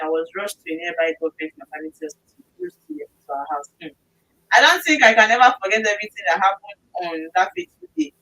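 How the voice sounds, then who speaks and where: A woman's voice: medium pitch, pushed and bright, poor audio. A woman co-hosting a talk show, recounting stories earnestly. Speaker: co-host.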